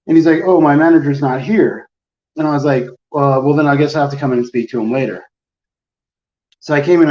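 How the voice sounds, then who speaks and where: Guy ranting about his phone plan, soft dark voice, far off in an echoey room. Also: fairly high pitch. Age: adult, with a phone plan since the early 2000s. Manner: rambling, exasperated, quotes people in his story. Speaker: storyteller in a casual conversation. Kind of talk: casual chat. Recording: roomy, distant, dull lo-fi sound.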